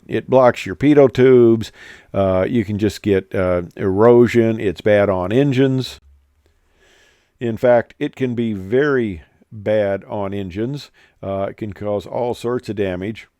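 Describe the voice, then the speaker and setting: A man's voice: on the low side, dark tone, clear, resonant tone, no room sound. Man, pilot, casual storytelling, rambling, hesitant, colloquial, dry close sound.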